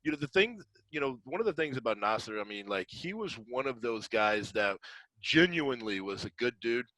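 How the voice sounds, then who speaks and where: A man, a guest coach, telling casual stories in an animated way, full of fillers and laughter. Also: mid-range voice, normal speed, dry recording, rough recording. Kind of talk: casual anecdotal storytelling.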